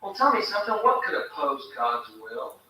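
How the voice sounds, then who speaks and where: A man delivering a sardonic stand-up routine, his voice sharp and piercing. He is heard from a distance in a very echoey room, with a faint hiss underneath. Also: on the high side, sing-song, moderate pace. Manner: sardonic, mocking impressions. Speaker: stand-up comic.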